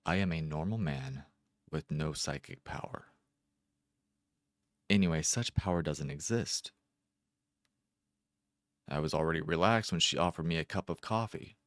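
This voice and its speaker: A man reading a first-person short story aloud in a measured, deliberate way with careful pauses. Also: extremely low pitch, no echo, clean studio sound. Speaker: amateur narrator.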